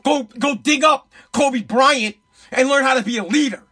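A man's voice: extremely high pitch, moderate pace, bright, forceful tone. A man, ranting as a sports radio host in profane, emphatic, repetitive bursts. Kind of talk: heated sports commentary rant.

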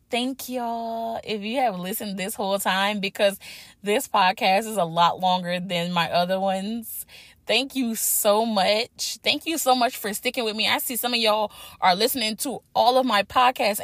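A woman's voice: mid-range voice, a bit bright, no echo. A young woman hosting her own podcast, talking candidly and casually, swearing freely and restarting her sentences, a little out of breath after a workout. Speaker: podcast host. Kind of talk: casual solo podcast talk.

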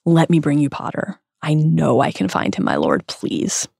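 A woman reading the lines of a cold adult male wizard pleading with his master from a book, in a low, slow voice. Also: steady tone, gravelly, a little mellow, breathy edge, no echo, clean studio sound, heavily acted.

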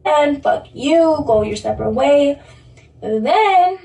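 Young woman, fairly high voice, chatty storytelling, sounds off-mic in an echoey room. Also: expressive, slow pace, gravelly, mellow. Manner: chatty, full of "like", acting out quoted speech. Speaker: storyteller in played audio. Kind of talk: casual storytelling. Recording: echoey, distant recorded clip.

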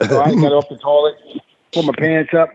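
A man's voice: on the high side, level tone, a little fast, darkish tone. Man telling stories over a tinny line. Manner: rambling storyteller, frequent fillers. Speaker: guest. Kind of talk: casual chat. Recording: tinny phone-like remote line with faint noise.

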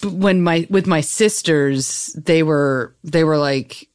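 Chatty woman with a lowish voice. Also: slow. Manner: chatty, animated, full of "like" and "you know". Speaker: podcast guest. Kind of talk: casual personal storytelling.

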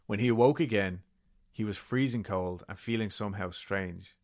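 A man's voice: on the low side, moderate pace, darkish tone. A man co-hosting a podcast, casually retelling a story and reading quotes from a book, with swearing and laughing asides. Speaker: podcast co-host.

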